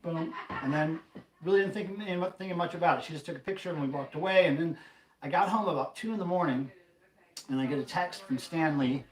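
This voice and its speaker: A man hosting a casual livestream, telling a rambling, animated story. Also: on the high side, a little fast, roomy sound, low-quality recording. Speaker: livestream host.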